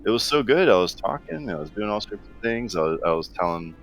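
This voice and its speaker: A man's voice: lowish voice, lively intonation, a little fast, faint music behind. A man playing a tabletop game, talking in a rambling, apologetic and self-mocking way. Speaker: player. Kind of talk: casual tabletop game chat.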